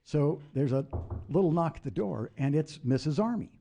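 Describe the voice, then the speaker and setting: An older former congressman telling political stories in a casual interview, passionate and animated. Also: fairly high pitch, normal speed, vocal fry. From United States. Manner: animated storyteller, raises voice in retold quotes. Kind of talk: anecdotal storytelling.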